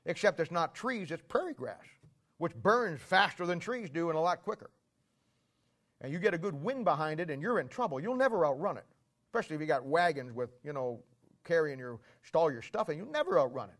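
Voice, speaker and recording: Male preacher, slightly high voice, folksy storyteller, repeats himself, clears throat, swings loud to quiet. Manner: builds to loud shouting climaxes, then drops quiet; repetitive, clears throat often.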